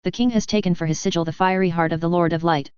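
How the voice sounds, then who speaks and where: A woman's voice: lowish voice, fairly even intonation, fast talker, a little mellow, clear, resonant tone, no echo, muffled recording, lightly acted. A zealous fire priestess, read by a woman. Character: unsettling fanatical fire priestess.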